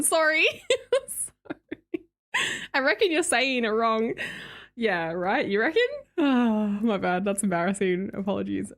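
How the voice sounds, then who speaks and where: A woman's voice: on the high side, sing-song, measured pace. A young Australian woman streaming live, chatting casually with her viewers and reading out their messages, bubbly and laughing often.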